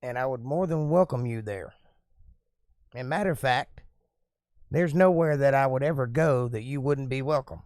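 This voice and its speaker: A man hosting a casual live stream, reading viewer comments aloud and answering them in a relaxed, talkative, folksy way. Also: medium pitch, moderate pace, pauses often, no room sound, clean studio sound.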